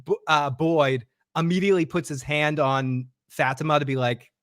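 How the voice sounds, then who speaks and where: Animated man recapping, dry close sound. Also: on the high side, normal speed, no echo. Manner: animated, acts out quotes, frequent fillers. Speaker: podcast co-host recapping a TV episode. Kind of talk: casual recap chat.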